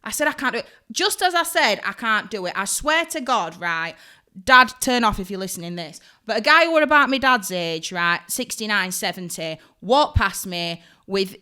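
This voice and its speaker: Chatting on a podcast she co-hosts, this young hairdresser tells stories in a lively way and acts out the quotes. She speaks at a normal speed in a smooth, mid-range voice.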